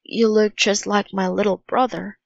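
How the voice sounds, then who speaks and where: A woman voicing a feverish young drummer boy who sounds frantic and hoarse, on a dull lo-fi recording. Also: mid-range voice, steady tone, moderate pace, no echo, close to an everyday voice. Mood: weak. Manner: frantic, then hoarse and weak.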